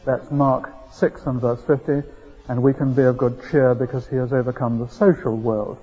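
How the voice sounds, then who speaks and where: Husky preacher man, lo-fi recording. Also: medium pitch, little pitch movement, normal speed, warm tone. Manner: conversational, storytelling with rising emphasis. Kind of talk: sermon. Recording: dull lo-fi recording.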